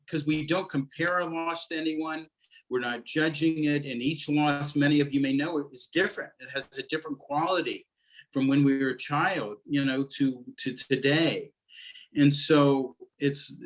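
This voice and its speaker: A man who teaches mindfulness, speaking gently and reflectively about grief, often pausing and searching for words, in a conversation over a video call. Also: a little high, rough recording.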